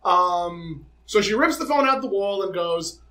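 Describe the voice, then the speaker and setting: A young man with a notably high voice co-hosts a casual podcast. He tells stories with flair, slipping into the voices of family members and then back to his own. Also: a little slow. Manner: animated, dramatic storytelling with quoted dialogue. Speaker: podcast co-host. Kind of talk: casual chat.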